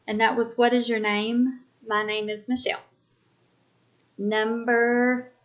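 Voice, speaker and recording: A woman teacher speaks very slowly and deliberately, calling out numbered items one at a time. Her voice sits a bit high. The recording is dull and lo-fi. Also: flat delivery, a bit bright. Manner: slow, deliberate, spells out each item. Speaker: sign language teacher. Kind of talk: slow classroom quiz dictation.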